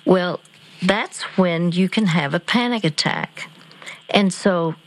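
A woman speaking on a Christian radio show, gently coaching a listener through slow breathing with a calm, measured manner. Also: fairly low pitch, rough recording. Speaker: Christian radio guest counselor.

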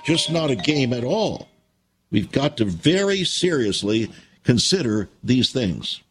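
A man's voice: medium pitch, big pitch swings, a little slow, faint music behind. A man preaching an emphatic broadcast sermon, addressing listeners as friends. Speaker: radio preacher.

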